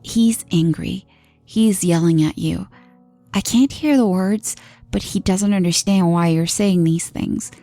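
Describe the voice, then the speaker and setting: A woman voicing a short psychic medium who speaks quietly and in measured words about a spirit. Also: fairly low pitch, no echo, soft background music. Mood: hushed. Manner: quiet, measured, sometimes hushed.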